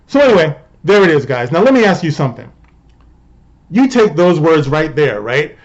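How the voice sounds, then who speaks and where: Fairly high-voiced man giving opinion commentary. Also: very animated, normal speed, lo-fi sound. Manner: conversational, rhetorical, often asks "you know what I mean". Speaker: host and commentator.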